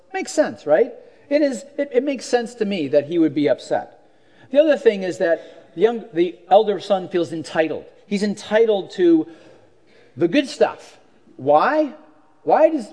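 A man's voice: high voice, darkish tone. A man preaching a sermon, reading a passage aloud and talking it through in a conversational way, with many rhetorical questions and restarts. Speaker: pastor.

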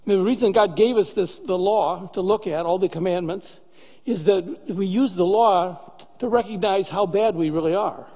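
High-voiced man preaching in a reverberant hall. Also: moderate pace, dark tone, highs cut off. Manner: conversational preaching with rhetorical questions. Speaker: pastor. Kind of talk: sermon.

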